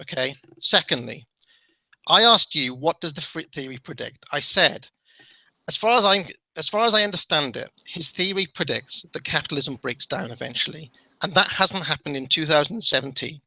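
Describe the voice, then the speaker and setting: Exasperated man, sharp bright voice. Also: fairly high pitch, animated, normal speed, no room sound, rough recording. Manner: exasperated, keeps cutting in. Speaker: debater attacking a theory. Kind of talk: heated online debate.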